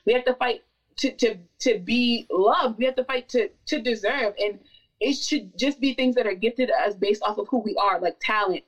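A woman's voice: on the high side, moderate pace, far from the mic, poor audio. A woman speaking as a podcast guest, talking passionately and emphatically, repeating words for stress. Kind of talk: casual podcast conversation.

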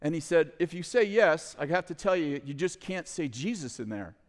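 A middle-aged man telling a story to an audience in a lively way, with loud bursts, acted quotes and chuckling asides. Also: a little high, moderate pace. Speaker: ministry leader telling a story. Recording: long hall reverb.

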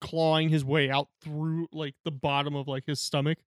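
A man with a high, bright voice riffs animatedly through casual podcast banter, cracking jokes and tossing off quick character voices. He is recorded close and dry, with no room sound. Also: no echo. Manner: animated, jokey, does quick voices in stories. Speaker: podcast co-host. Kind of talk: casual chat.

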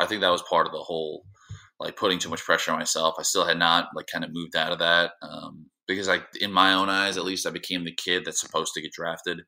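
A young man in his twenties, a drafted ball player, telling his story as a guest in a relaxed, slangy way with lots of fillers. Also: sits low. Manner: laid-back, filler-heavy, slangy. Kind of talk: casual storytelling interview.

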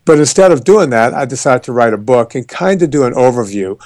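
Animated, joking man on a dry mic. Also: medium pitch, brisk, no room sound. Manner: animated storyteller, emphatic and joking. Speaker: guest, fitness trainer and author. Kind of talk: casual podcast interview.

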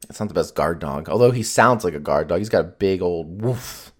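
Deep-voiced and fairly quick, a male podcast host rambles through casual conversation with lively intonation, cursing freely and leaning on plenty of filler words.

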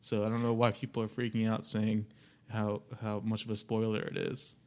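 A man co-hosting a podcast in casual chat, measured and matter-of-fact. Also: fairly low pitch, monotone, darkish tone. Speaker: podcast co-host.

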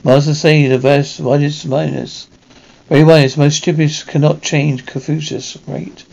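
Casting note: a terse older shopkeeper who quotes proverbs in clipped broken English, a mellow, slightly gravelly voice. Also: male voice, a little high, flat delivery, unhurried. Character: cryptic older male shopkeeper quoting proverbs. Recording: dull lo-fi TV soundtrack.

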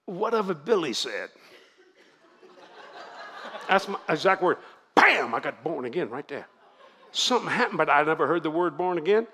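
Preaching to his congregation, this Cajun-accented Louisiana man in his seventies spins folksy, animated stories. He talks fairly quickly in a fairly high-pitched voice with a breathy edge.

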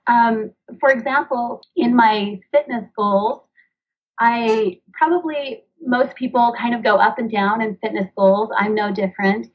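A woman's voice: fairly high pitch, fairly even intonation, measured pace, breathy edge, muffled recording. A woman in her thirties, a mother and author, talking earnestly as a podcast guest, rambling a little as she explains. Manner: earnest, rambling, acts out dialogue. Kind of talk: conversational interview.

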